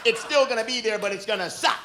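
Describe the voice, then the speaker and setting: This middle-aged stand-up comedian talks quickly in a high voice, mocking audience members from a club stage with brash, profane humor. A crowd and other background noise can be heard, along with laughter, in this live recording.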